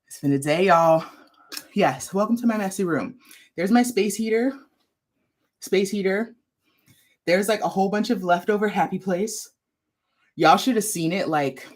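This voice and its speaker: A woman's voice: mid-range voice, a little mellow, slight background noise. A woman, hosting a casual livestream from her messy home craft room, chatty and a little out of breath. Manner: bubbly, chatty, greets viewers by name. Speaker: crochet designer and livestream host.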